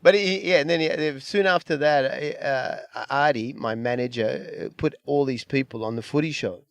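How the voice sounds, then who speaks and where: A middle-aged man, a comedian telling stories in a casual chat, animated and self-mocking, acting out the people he quotes. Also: medium pitch, moderate pace, dry recording. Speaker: comedian guest.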